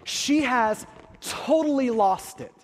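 A man's voice: very high voice, expressive, slow pace, big-room sound. A man preaching a sermon, telling a personal story with vivid detail and rhetorical questions to the congregation. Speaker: pastor.

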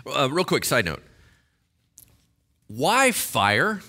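An animated male pastor preaching with a bright, forceful voice. He jokes and acts out the people in the story, and his pitch swings widely. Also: drawn-out words. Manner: animated, jokey, acts out quotes. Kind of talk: sermon.

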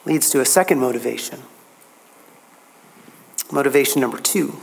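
A man preaching a sermon, emphatic, his pitch rising on key phrases. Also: normal speed, gravelly, long pauses.

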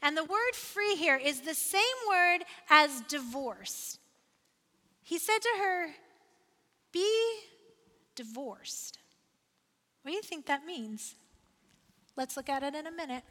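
A woman's voice: sits high, measured pace, bright, forceful tone, in a large hall. A woman pastor preaching a sermon, conversational and personal, building to emphatic repeated refrains.

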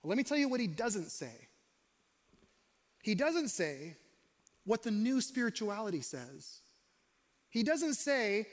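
High-voiced pastor in a reverberant hall. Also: male voice, sing-song, unhurried, long pauses. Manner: conversational, questioning, varies pace for emphasis. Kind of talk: sermon.

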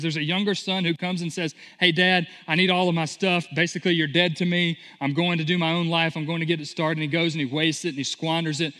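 A pastor in his thirties preaching a sermon in church, telling stories with lively acted-out voices. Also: high-pitched. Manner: animated storytelling, acting out voices in quotes. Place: church sanctuary. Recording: long hall reverb.

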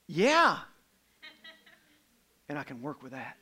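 A middle-aged man preaching a sermon, swinging from low, quiet passages to loud, raised ones. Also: animated, normal speed.

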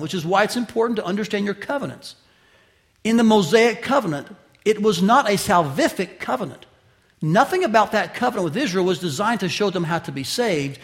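A man preaching an expository sermon, addressing listeners directly with questions and emphatic swings from loud to quiet. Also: high voice. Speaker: pastor.

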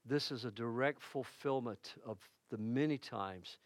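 A middle-aged man preaching a sermon as pastor, telling stories with dramatic punch and dropping to a hushed tone in prayer. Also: mid-range voice, unhurried, no echo. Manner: storytelling preacher who dramatizes quoted shouts; drops to a soft, hushed tone in prayer.

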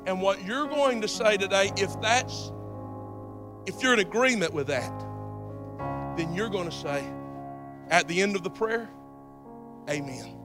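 A male pastor preaching a sermon in a church, talking straight to the congregation and swinging from soft, close words to loud emphatic lines. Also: high-pitched, unhurried, pauses often. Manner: talks directly to the congregation. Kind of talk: sermon with altar call. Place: church sanctuary. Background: soft live music, piano and guitar.

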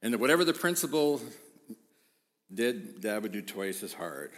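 A man preaching a sermon, moving from easy conversational talk to loud, emphatic exhortation. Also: on the low side, sing-song, normal speed. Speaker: pastor. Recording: echoey hall with long reverb.

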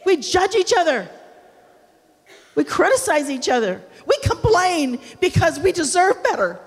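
A woman's voice: very high voice, measured pace. Woman preaching in a reverberant hall. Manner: animated, humorous, acts out quotes with big shifts in loudness. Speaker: pastor. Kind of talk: sermon. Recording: long reverb of a large hall.

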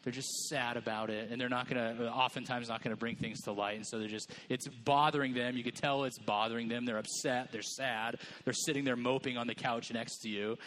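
A man's voice: mid-range voice, fairly even intonation, a little fast, few pauses, a bit bright, slight background noise. A man preaching a sermon in a church, conversational and joking, acting out people's voices. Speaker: pastor.

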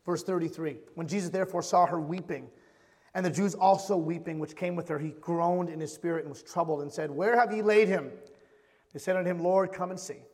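Male pastor, high voice, fervent sermon delivery that drops to near whispers, reverberant sanctuary. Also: steady tone, fairly quick. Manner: impassioned, swings between loud and hushed, repeats phrases. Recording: long hall reverb.

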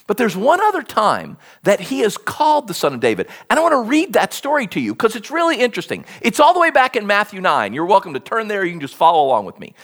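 Preacher for a sermon read, very lively pitch that leaps up and down, animated storyteller. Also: fast, hardly any pauses. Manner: animated storytelling, acts out quoted speech.

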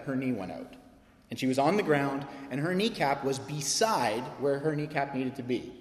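Male pastor, animated sermon delivery, slightly high voice; roomy reverberant hall. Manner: animated storytelling preacher, acts out quoted voices. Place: church sanctuary. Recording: echoey hall with long reverb.

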